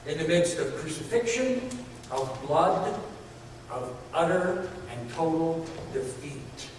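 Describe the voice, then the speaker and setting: A man's voice: on the high side, animated, slow pace, slight background noise. A man preaching a sermon in a church, earnest, building emphasis with repeated phrases. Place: church sanctuary. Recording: echoey hall from far off.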